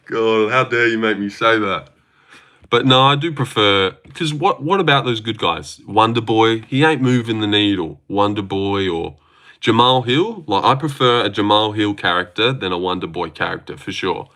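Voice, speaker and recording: A man's voice: lowish voice, lively intonation, a little slow, pushed and bright. A young man hosting a casual livestream, reading chat aloud and joking around with plenty of swearing. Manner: sweary, joking, laughs often.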